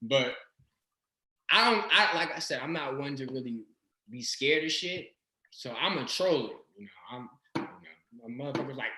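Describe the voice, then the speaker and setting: A man's voice: mid-range voice, moderate pace, echoey room, low-quality recording. A man telling wild stories in a casual interview, cursing and laughing as he talks. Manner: swearing, animated, laughing storyteller. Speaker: interview guest, regression practitioner. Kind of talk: casual storytelling chat.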